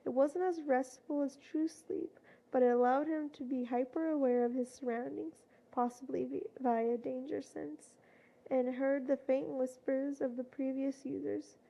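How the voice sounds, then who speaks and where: Woman, fanfiction reader, high voice, dark mellow tone, muffled lo-fi recording. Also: steady tone, measured pace, gravelly. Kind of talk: reading a fanfiction story aloud.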